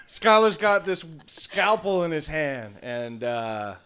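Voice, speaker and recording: A man narrating a tabletop role-playing game as game master, describing scenes in a relaxed way with fillers. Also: fairly high pitch, slow pace, clear, resonant tone.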